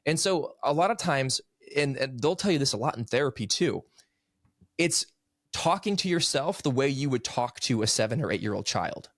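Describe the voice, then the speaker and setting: A man's voice: mid-range voice, sing-song, normal speed, a bit bright, no room sound, studio quality. A man in his thirties, a podcast guest and author, earnestly telling a personal story in casual conversation. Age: 30s.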